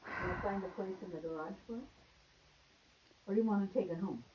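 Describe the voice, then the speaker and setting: Rambling older mom, dull lo-fi audio. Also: female voice, medium pitch, brisk, noisy background. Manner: rambling, repeats herself. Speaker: mother. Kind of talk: casual family chat. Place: home. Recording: dull lo-fi home recording.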